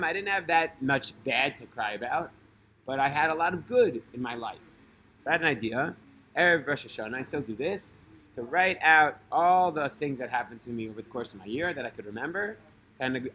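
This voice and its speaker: A storyteller host shares a personal religious story loosely and conversationally, full of fillers and restarts and dotted with Hebrew terms. His fairly high voice sounds pushed and bright over slight background noise.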